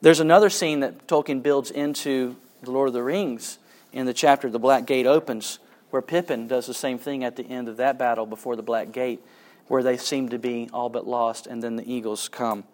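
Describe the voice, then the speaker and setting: A man giving a literature lecture, reading passages aloud with dramatic swings between excitement and hushed quiet. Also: mid-range voice, moderate pace. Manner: dramatic reading, rising with excitement and dropping to a hush.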